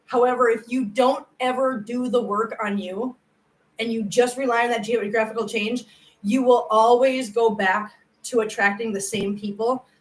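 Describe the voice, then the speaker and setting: A middle-aged woman hosts a casual livestream and responds to viewer comments. She speaks earnestly and effusively, and her voice sits a little higher than most women's. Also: low-quality recording. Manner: earnest and effusive, emotional when praising viewers. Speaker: cat channel livestream host.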